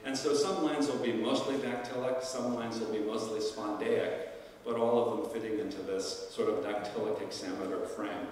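A man's voice: on the low side, fairly even intonation, normal speed, a little mellow, slight background noise. A man, a classics professor, lecturing to alumni in a thoughtful, searching way, with frequent fillers and restarts. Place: lecture hall. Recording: roomy hall, distant mic.

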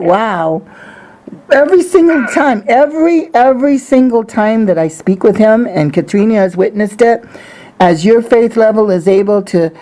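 A woman's voice: medium pitch, dark tone, poor audio. A woman prophetess giving emotional testimony to a congregation, rambling and effusive, with many restarts.

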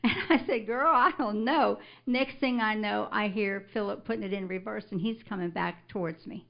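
An older woman recounts her testimony to a church congregation. She tells the story in an animated way and swells into emphatic scripture declarations. The recording is muffled and lo-fi. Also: mid-range voice, normal speed, gravelly. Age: older, a grandmother. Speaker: church member giving a testimony. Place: church service.

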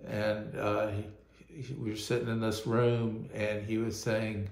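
Male pastor giving testimony, low even voice, slow and halting, echoey room. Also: gravelly. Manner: earnest, halting, repeats words. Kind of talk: personal testimony.

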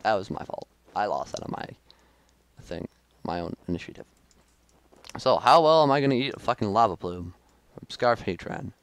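A man's voice: on the low side, expressive, normal speed. A young man giving live commentary on his own game match, frustrated and self-critical, with sudden outbursts. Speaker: gaming video creator.

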